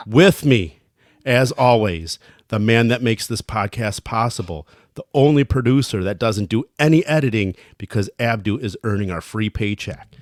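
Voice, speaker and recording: Male podcast co-host, mid pitch, dry close sound, teasing and jokey. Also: dry recording. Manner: joking, teasing, ribbing his co-host. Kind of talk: casual podcast banter.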